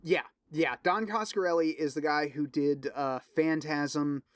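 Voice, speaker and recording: A man's voice: a little high, fairly even intonation, a little slow, slight background noise. A man hosting his own podcast, rambling casually with lots of swearing and fillers while eagerly recommending things. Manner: loose, profane, filler-heavy rambling with restarts; enthusiastic recommending. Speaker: podcast host. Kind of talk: casual solo podcast chat.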